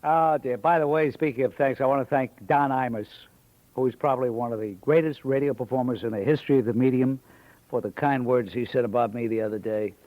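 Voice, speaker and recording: A man's voice: medium pitch, fairly quick, dry recording, phone-quality sound. A man hosting a call-in radio show, introducing callers and often laughing at their insults. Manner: laughs often, amused exclamations. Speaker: radio talk show host.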